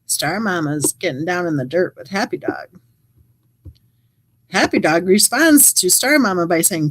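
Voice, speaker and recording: A woman's voice: fairly low pitch, expressive, a little slow, long pauses, a bit bright, rough recording. A woman hosting a true crime channel, reading live chat comments aloud and adding wry, chatty asides.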